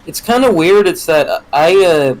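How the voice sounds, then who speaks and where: A man's voice: a little high, animated, unhurried, low-quality recording. A man with a slight Texan accent chatting in a laid-back way while streaming a game. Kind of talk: casual chat while gaming. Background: game music.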